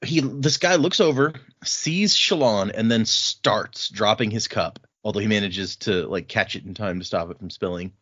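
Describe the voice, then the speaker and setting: A man's voice: lowish voice, moderate pace, hardly any pauses, fairly bright tone, no room sound. A man hosting a casual book discussion podcast, retelling scenes and acting out the characters' lines. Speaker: podcast host. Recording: dull, muffled audio.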